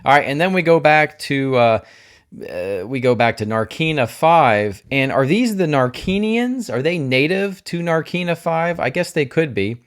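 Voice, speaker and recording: A man's voice: a little high, expressive, normal speed, clear, resonant tone. A man giving a casual spoiler review of a TV episode. He thinks aloud, keeps asking himself questions, throws in jokey asides and gushes openly about the scenes he loves. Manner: openly emotional, gushing. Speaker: TV show reviewer.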